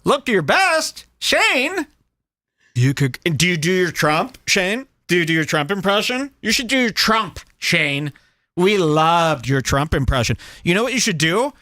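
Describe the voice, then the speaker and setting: A man hosting a crude comedic commentary show, mocking and animated, reading chat aloud. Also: a little high, moderate pace, no room sound, clean studio sound. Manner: mocking, animated, puts on silly voices. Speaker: show host.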